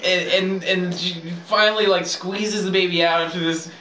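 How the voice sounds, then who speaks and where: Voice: mid-range voice, normal speed. A speaker telling a long joke aloud in a classroom, rambling with many fillers. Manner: rambling with many fillers, building to gleeful excitement. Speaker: joke teller. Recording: roomy, distant, noisy room recording.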